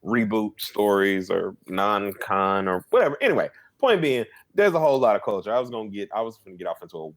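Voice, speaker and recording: A man's voice: on the low side, big pitch swings, fairly quick, few pauses. A man co-hosting a podcast in casual chat, rambling with lots of fillers and restarts. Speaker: podcast co-host.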